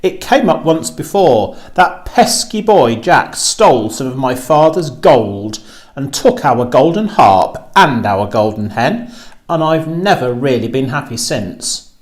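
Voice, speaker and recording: A man voicing a very old, toothless male giant in a storybook, speaking slowly with a gruff, booming, fierce manner. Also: sing-song.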